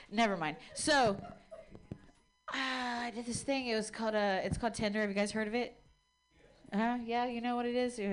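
A woman doing a stand-up comedy set, chatty and self-mocking, with mock-loud announcements. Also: a little high, smooth.

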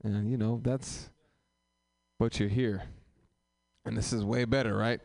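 A man's voice: on the low side, fairly even intonation, unhurried, creaky, a little mellow, dry recording. A man hosting a comedy open mic who riffs on the audience in a profane, rambling, teasing way in a small live room. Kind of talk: live crowd work banter.

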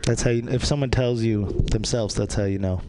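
A man's voice: fairly low pitch, steady tone, a little fast, background noise. A man opening a stand-up set with dry, self-mocking jokes. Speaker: stand-up comedian.

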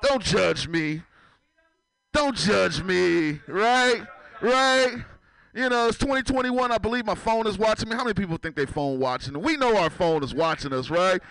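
A man's voice: high-pitched, a little fast, a bit bright, clean tone, no room sound, low-quality recording. A man from San Francisco doing a stand-up comedy set, talking loosely and profanely and teasing the crowd. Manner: loose, profane, chatty, teases the audience. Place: comedy club.

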